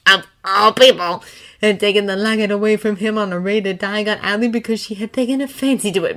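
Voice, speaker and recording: A woman's voice: mid-range voice, pushed and bright. A woman reading a fanfiction story aloud as an audiobook narrator. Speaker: fanfiction reader.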